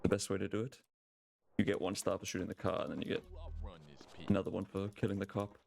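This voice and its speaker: A man's voice: low-pitched, level tone, quick pace, creaky, a little mellow. A man streaming a speedrun live, casually explaining strategy as he plays. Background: game music.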